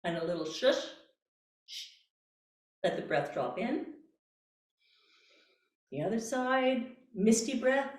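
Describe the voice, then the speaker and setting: A woman voice coach with a Canadian accent, calmly guiding breathing exercises step by step and demonstrating the breaths. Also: fairly high pitch, measured pace, pauses often, distant mic. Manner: calm, gentle, step-by-step guidance with demonstrated breaths. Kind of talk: guided breathing workshop instruction. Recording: roomy echo, voice from off mic.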